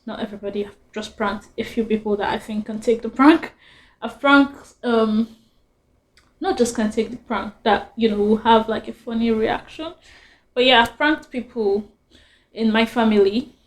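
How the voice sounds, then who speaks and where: A young woman vlogger chatting casually and rambling through a storytime, often laughing. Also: mid-range voice.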